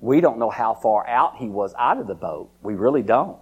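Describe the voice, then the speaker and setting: A man preaching a sermon in a folksy, repetitive way, often calling out to listeners by name and rising to a high, excited pitch as he preaches. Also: normal speed, slightly rough, highs cut off.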